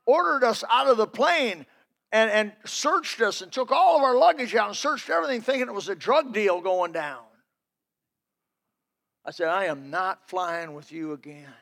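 A man's voice: very high voice, gravelly, bright, forceful tone. A man preaching a sermon, telling folksy personal stories in an emphatic, building delivery.

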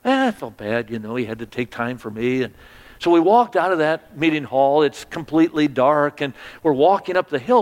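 A man preaching, telling a personal story in a sermon, stammering on restarts and sinking to a hush at the sad moments. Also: fairly high pitch, lively intonation, brisk, big-room sound.

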